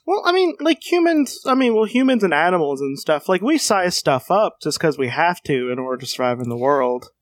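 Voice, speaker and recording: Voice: medium pitch, sing-song, a little fast, few pauses, no room sound. Joking co-host with a dry sound. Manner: joking, hesitant, asks questions. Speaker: podcast co-host. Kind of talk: casual chat.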